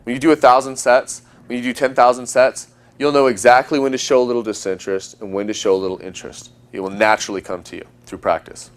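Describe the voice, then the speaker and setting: Man coaching with dramatic pauses. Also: medium pitch, steady tone. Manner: emphatic, uses long dramatic pauses. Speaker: dating coach. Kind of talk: instructional talk.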